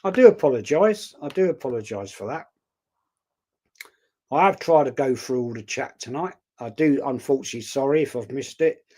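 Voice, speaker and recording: A man's voice: mid-range voice, animated, normal speed, dark tone. A man chatting casually on a live stream, reading out viewer comments and answering them bluntly. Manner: blunt, outspoken, chatty, calls viewers mate.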